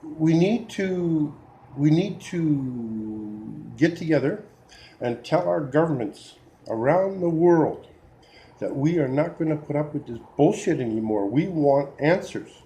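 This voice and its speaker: A man rants to camera with mounting exasperation, stumbling over restarts and letting out sighs. His voice is mellow and dark in tone, yet it swings widely in pitch as he works himself up. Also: animated, slow pace, slight background noise, rough recording. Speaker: video blogger. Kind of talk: opinion rant to camera.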